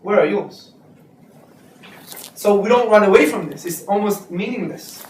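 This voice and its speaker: A man giving a lively, joking lecture to students, slipping into street slang. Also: high-pitched, measured pace, a little hiss or hum. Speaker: Islamic speaker. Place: lecture hall. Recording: echoey hall recorded from far off.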